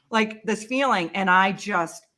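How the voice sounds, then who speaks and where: A woman, a guest on a talk show, telling a personal story with lively, emotional delivery. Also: medium pitch. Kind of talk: storytelling in a casual interview.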